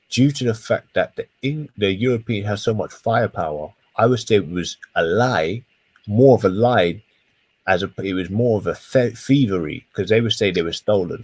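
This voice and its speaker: A man's voice: low voice, a little mellow, husky, no room sound. A man in a heated casual podcast debate, emphatic and swearing, repeating words to press his point. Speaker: podcast co-host.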